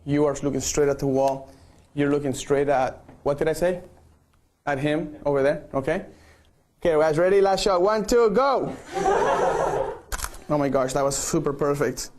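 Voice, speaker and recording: A man's voice: a little high, fairly even intonation, moderate pace, a little mellow, slight background noise. A man directing a group photo shoot on a live stream, playful and coaxing, checking in with "okay" after each instruction.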